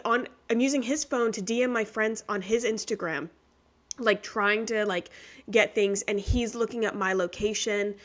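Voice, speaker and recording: Bright, crisp woman, casual chat, animated, often laughing. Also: medium pitch, moderate pace. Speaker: podcast host.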